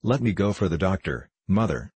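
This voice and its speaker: Earnest modest boy of fourteen, plain and steady, deep husky read by a man. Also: moderate pace, dry recording, exaggerated voice.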